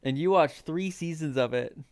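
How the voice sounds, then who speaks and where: A man's voice: a little high, normal speed, a little mellow, clear, resonant tone. A man co-hosting a casual podcast, cutting in with questions. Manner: questioning, cuts in. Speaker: podcast co-host. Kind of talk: casual chat.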